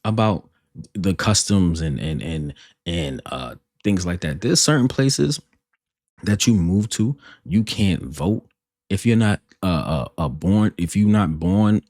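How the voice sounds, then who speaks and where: This reaction-video host argues emphatically about a podcast clip he has played, repeating himself and restarting sentences. His low, darkish voice is animated yet slow, captured in studio quality with no echo.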